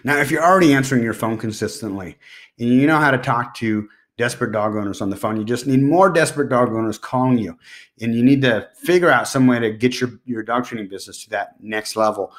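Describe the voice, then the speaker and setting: A man's voice: mid-range voice, fast talker. A man hosting a solo podcast, giving direct, emphatic business advice and repeating his key points. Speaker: podcast host.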